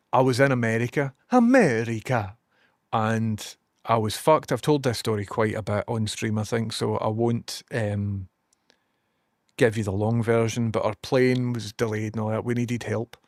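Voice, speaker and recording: Chatty Scottish man, sweary and animated. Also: mid-range voice, normal speed, pauses often, dry recording, clean studio sound. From Scotland. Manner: animated, swearing, reads out chat messages. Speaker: streamer. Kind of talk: casual chat to stream chat.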